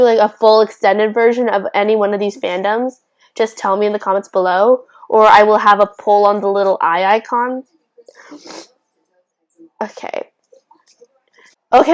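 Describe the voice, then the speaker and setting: A young woman talking casually to her own vlog camera. She rambles and restarts mid-sentence, slipping in giggly little asides as she weighs silly fandom questions. Her voice sits at an ordinary middle pitch for a woman. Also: rough recording. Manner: chatty, self-interrupting, giggly asides. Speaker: YouTuber. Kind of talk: casual would-you-rather vlog.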